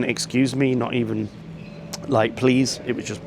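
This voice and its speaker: A man's voice: mid-range voice, normal speed, vocal fry, a little mellow, a little hiss or hum. A man, telling a rambling travel story to camera and complaining at length, with frequent ums and restarts. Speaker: travel vlogger.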